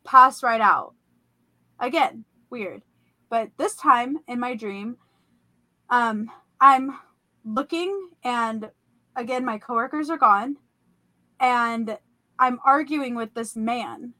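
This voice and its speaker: A young woman hosting a podcast, telling about a vivid dream in a casual, animated way full of "like" and fillers. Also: on the high side, takes it slowly, pauses often, dry recording. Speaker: podcast host. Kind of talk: casual storytelling.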